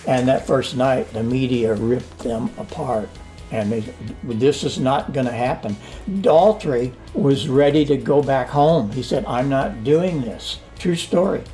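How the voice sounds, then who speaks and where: A man's voice: mid-range voice, unhurried, faint music behind. An older man telling stories in a casual interview, acting out the dialogue as he goes. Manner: animated storyteller, acts out quoted dialogue. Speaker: interviewee, sound engineer. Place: home studio.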